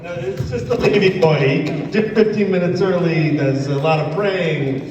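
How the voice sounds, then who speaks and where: A man playing a bumbling, timid security guard in an amateur stage comedy, hesitant and halting. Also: fairly high pitch, darkish tone, slight background noise, lightly acted. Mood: reassuring. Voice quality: hesitant, halting, full of fillers. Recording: dull, echoey hall from far off.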